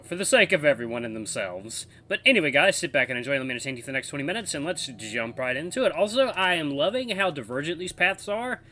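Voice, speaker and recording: A man's voice: on the high side, fast talker. A man hosting a let's play, chatting casually and reading a visual novel's narration aloud with expression. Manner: animated, reads narration with expression, laughs.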